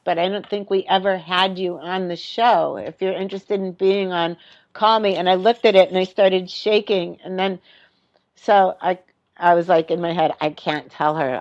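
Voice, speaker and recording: Animated woman telling stories, slightly dull sound. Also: fairly low pitch. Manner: animated storyteller, acts out quoted voices, swears, laughs. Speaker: podcast guest. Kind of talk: casual chat.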